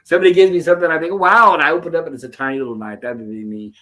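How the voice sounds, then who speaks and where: A man's voice: on the high side, rapid-fire, sharp tone. A man hosting a casual show, retelling scenes and quoting the characters' lines. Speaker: host. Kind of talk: casual episode commentary.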